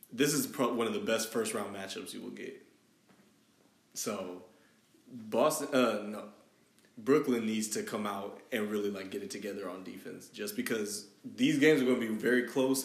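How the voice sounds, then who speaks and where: A man's voice: lowish voice, unhurried, creaky, pauses often. A man hosting a casual sports podcast, chatty and moving the talk along. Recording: echoey room.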